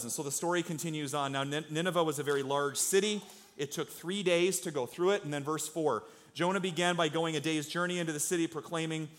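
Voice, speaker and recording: A man's voice: a little high, steady tone, a little fast, fairly bright tone. A man preaching a sermon to his congregation in a church, earnest and conversational, with rhetorical questions to the crowd. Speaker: pastor. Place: church sanctuary.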